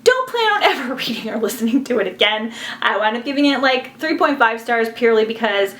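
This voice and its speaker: A woman's voice: on the high side, expressive, a little fast, a bit bright. Chatty gushing woman in a roomy room. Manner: gushing, chatty, lots of fillers. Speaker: book vlogger. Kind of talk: casual book review chat. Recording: roomy echo.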